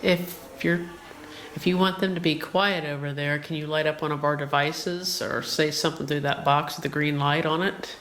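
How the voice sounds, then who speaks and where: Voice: medium pitch, steady tone, moderate pace, a bit bright. A paranormal investigator calling out to spirits in an old seminary building during a ghost hunt, coaxing them and explaining the gadgets set out for them. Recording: roomy echo, faint background hiss.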